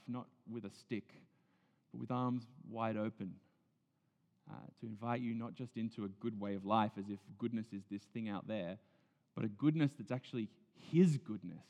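A male pastor preaching a sermon earnestly, moving between loud emphasis and hushed, near-whispered lines. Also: mid-range voice. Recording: dull sound in a big reverberant hall.

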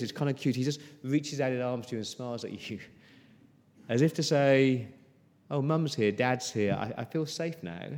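A man preaching an earnest sermon, often repeating words and dropping into soft, pleading passages. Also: mid-range voice. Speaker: pastor. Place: church hall. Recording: long church reverb.

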